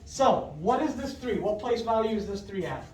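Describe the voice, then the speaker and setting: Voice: mid-range voice, lively intonation, normal speed, a little mellow, far from the mic, slight background noise. Teacher in a roomy classroom, heard from afar. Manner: patient, repeats questions and checks with "right?"; calls on pupils by name and praises answers. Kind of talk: fifth-grade math lesson.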